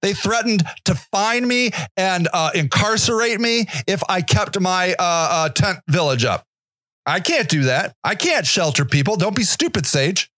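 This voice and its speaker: A man hosting a podcast, delivering an angry, profane monologue rant, often shouting. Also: sits high, measured pace, no echo, studio quality. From Northeast Ohio. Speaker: podcast host.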